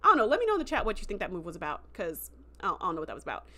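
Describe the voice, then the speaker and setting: A woman hosting a casual livestream review, chatty and enthusiastic, with lots of fillers and quick acted-out quotes. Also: on the low side, wildly swooping pitch, sharp tone. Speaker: show host recapping a TV episode.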